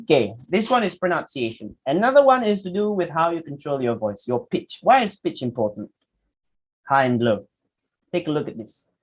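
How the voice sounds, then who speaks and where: A man's voice: on the high side, a little mellow, breathy edge. A man giving a public speaking workshop, demonstrating with his voice and asking the audience questions. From Malaysia. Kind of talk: workshop lecture.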